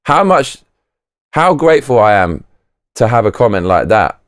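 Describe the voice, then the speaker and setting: Hosting a live chat stream at a normal speed, a medium-pitched man swings widely in pitch as he rambles, swears without restraint, and frequently restarts. The recording is studio quality with no room sound.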